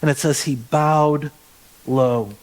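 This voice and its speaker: Conversational man preaching, slightly high voice. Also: fairly even intonation, takes it slowly. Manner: conversational, with frequent restarts and emphatic stretched words. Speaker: pastor. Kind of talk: sermon.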